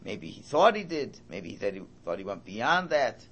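A man's voice: lowish voice, sing-song, moderate pace, fairly bright tone, slight background noise. A man giving a Torah class lecture, emphatic, often repeating and restarting his phrases. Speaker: Torah teacher.

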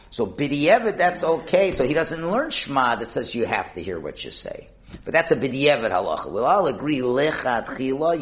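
A man explaining a Talmud passage, asking and answering his own questions and mixing in Hebrew and Aramaic terms. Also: medium pitch. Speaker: Talmud teacher.

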